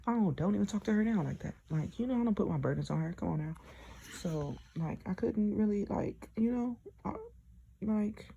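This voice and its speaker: A woman's voice: mid-range voice, animated, normal speed, creaky, warm tone, dull audio, a little hiss or hum. A young woman telling her own story in a chatty way, talking straight to her listeners with lots of fillers. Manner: chatty, addresses listeners directly, many fillers. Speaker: diary vlogger. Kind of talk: casual personal storytelling.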